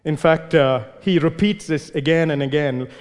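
Emphatic preacher with a fairly high voice. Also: male voice, normal speed. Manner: emphatic, repeats words for stress. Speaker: pastor. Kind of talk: sermon. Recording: long reverb of a large hall.

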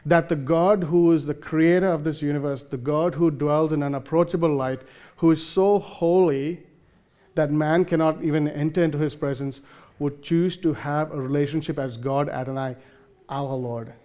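A male preacher delivering a sermon in a mellow, slightly high voice. He speaks earnestly and with emphasis, circling back with fillers and restarts as he explains a passage. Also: fairly even intonation, moderate pace.

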